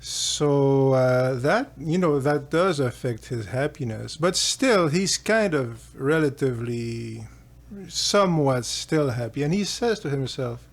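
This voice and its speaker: Man hosting a philosophy channel, rambling storyteller, unhurried, gravelly. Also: mid-range voice, animated. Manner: rambling, with fillers and chuckles. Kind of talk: casual storytelling lecture.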